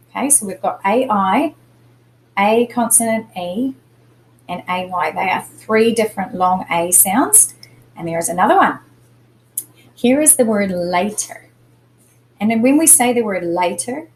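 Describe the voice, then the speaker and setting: A woman teacher talking to young students in a recorded lesson, at a middle pitch. She speaks patiently and says each example word several times to show its stress. Faint noise sits under her voice. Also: a little mellow, rough recording. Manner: slow, patient, repeats words to show stress.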